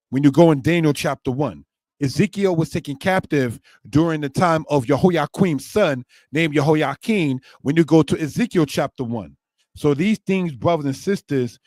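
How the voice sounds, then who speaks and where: A man's voice: a little high, darkish tone, no room sound. Man teaching scripture in a dry voice. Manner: repeats "brothers and sisters" and "if we will" often; reads quoted passages aloud, then comments. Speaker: Torah teacher. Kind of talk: scripture lesson.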